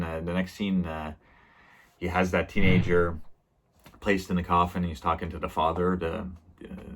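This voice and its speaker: A man's voice: low-pitched, fairly bright tone. A man casually recapping a TV episode as a reviewer, rambling with many fillers and small laughs.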